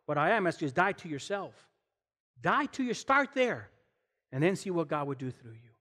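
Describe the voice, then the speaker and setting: A man with a high-pitched voice preaching a sermon in a church, his words trailing off into a long hall reverb. He is animated and emphatic, firing rhetorical questions at the congregation and dropping in casual slang along the way. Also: brisk. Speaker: guest pastor. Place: church sanctuary.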